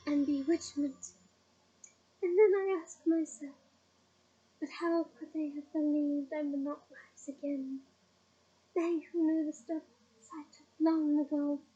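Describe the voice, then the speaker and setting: Woman reads a soft-spoken, menacing male dark lord, slow and cold, high mellow voice, dull lo-fi sound. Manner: slow, soft, coldly measured speech. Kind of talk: audiobook reading.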